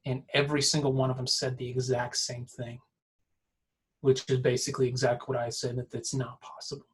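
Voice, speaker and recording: A man, giving a heartfelt personal talk over a video call, emotional and repetitive, swinging from hushed to excited. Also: mid-range voice, fairly quick, husky. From Atlanta area, US.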